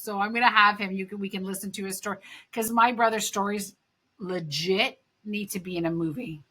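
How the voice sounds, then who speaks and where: A woman's voice: medium pitch, moderate pace, bright, forceful tone. A woman hosting a podcast, chatting frankly and swearing casually. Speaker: podcast host.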